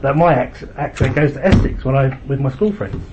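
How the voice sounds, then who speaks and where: A man's voice: mid-range voice, brisk, noisy background. A man with a London accent asking probing questions in a meeting, hesitant and patient, often restarting his sentences. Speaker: interviewer at a meeting. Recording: dull lo-fi recording.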